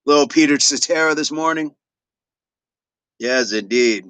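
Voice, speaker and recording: A man's voice: medium pitch, normal speed, a bit bright, no echo. A middle-aged man hosting a fitness livestream, chatting casually with viewers and repeating affirmations as he reads their comments.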